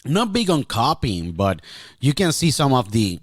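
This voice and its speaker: A man's voice: medium pitch, very animated, unhurried. A man hosting a casual interview, chiming in with short agreements and his own opinions. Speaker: interview host.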